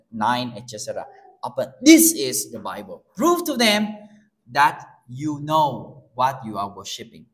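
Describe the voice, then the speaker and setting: A male pastor with a Vietnamese accent preaching a sermon in non-native English, slow and emphatic. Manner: slow, emphatic preaching with lively pitch swings.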